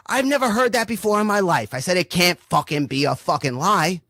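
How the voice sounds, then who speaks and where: A man's voice: high voice, expressive, brisk, hardly any pauses, sharp tone, dry recording, clean studio sound. A man telling a long, crude comic story, rambling and profane, checking in with "right?" again and again.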